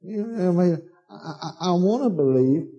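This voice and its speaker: A man's voice: sits high, expressive, moderate pace, dark tone, slightly rough, dull audio. A male preacher imitating a timid, frightened woman believer who prays halfheartedly and falters. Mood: timid, doubtful.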